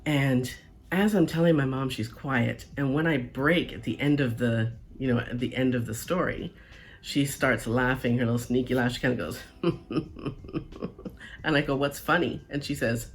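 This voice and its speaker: This woman has a rumbling low voice and speaks at a moderate pace. Her personal story comes out animated and conversational, and she keeps checking in with her listener with "right?" and "okay?".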